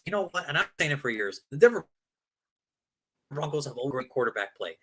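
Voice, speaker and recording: Lively bright-voiced man in sports banter. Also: medium pitch, fairly quick, slightly rough. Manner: animated, joking, mock-quoting people, repetitive. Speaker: sports show co-host.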